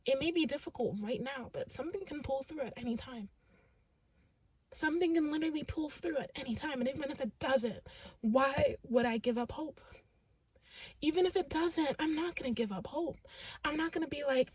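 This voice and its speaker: A woman's voice: sits high, moderate pace, darkish tone. A young woman giving an earnest, emphatic tarot reading in a casual way, full of "like" and "literally". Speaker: tarot reader.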